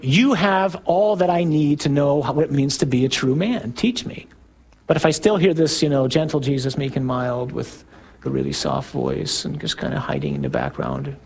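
A middle-aged man, a Catholic priest, giving an emphatic, conversational talk to a parish group, putting questions to the audience and rising to loud bursts on key points. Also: fairly high pitch, slightly rough.

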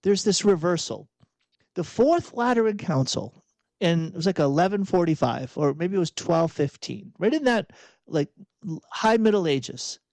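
A man's voice: high-pitched, expressive, moderate pace, darkish tone, no room sound. A man from outside Boston hosting a reflective spiritual talk, conversational, repeating and restarting phrases with rhetorical asides. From outside Boston, USA. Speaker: podcast host and executive coach.

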